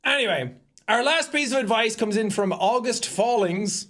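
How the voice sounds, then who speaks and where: A man co-hosting a podcast in casual comedic chat, animated and giggly, full of crude jokes. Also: sits high, moderate pace. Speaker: podcast co-host.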